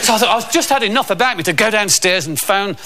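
High-voiced man telling a comic story. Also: fast talker. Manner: animated storytelling, acting out characters. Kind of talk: stand-up anecdote. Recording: loud background noise.

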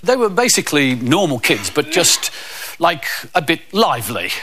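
Comedian with a lively, high-pitched delivery. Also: male voice, moderate pace, slight background noise. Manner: deadpan storytelling with lively put-on voices. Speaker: stand-up comedian. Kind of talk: stand-up comedy storytelling.

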